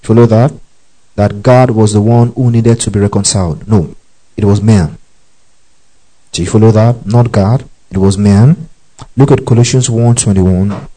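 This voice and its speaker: A man's voice: fairly low pitch, fairly even intonation, measured pace, long pauses, dark tone, low-quality recording. Man teaching a sermon verse by verse. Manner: checks understanding often, repeats key phrases; tells listeners to underline verses. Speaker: preacher.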